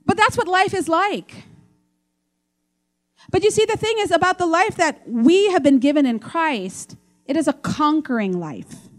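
A woman with a high voice preaches a sermon. She is animated and acts out the voices she quotes. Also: unhurried. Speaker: pastor.

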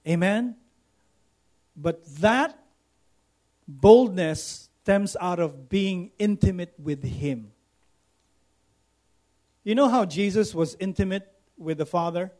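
A pastor with a high, slightly mellow voice preaches animatedly and slowly, pausing often. His sermon leans on repeated phrases delivered with rising emphasis, and he calls for responses from the congregation.

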